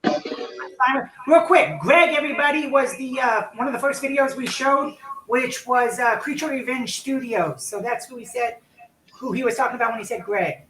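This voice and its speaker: A livestream host chatting upbeat and excitable, interviewing a guest from home without a headset. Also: sits high, moderate pace, slight background noise. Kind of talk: live-stream chat and interview. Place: home, in California. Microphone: computer mic without headset. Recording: echoey room.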